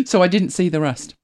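Host, casual chat to viewers, animated pitch, chatty and self-correcting. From United Kingdom. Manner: chatty, rambling, self-correcting, laughs often. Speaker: livestream host.

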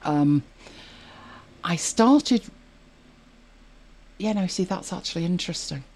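A podcast co-host chats casually about audiobooks, rambling along with plenty of fillers and restarts. The voice is medium in pitch with a darkish tone, animated but slow.

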